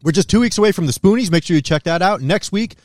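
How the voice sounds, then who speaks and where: A man co-hosting a podcast in casual chat, bantering quickly and playfully. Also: sits high, animated, no room sound, clean studio sound. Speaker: podcast co-host.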